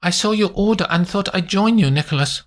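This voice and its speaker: A man reading a story aloud, voicing a calm, clinical female agent in a measured, unemotional way. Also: sits high, voice pushed up, natural voice.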